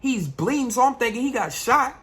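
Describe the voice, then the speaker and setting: A young man, a vlogger, tells a personal story in an animated, slangy way. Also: very high-pitched, fairly quick, breathy edge. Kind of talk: storytime vlog.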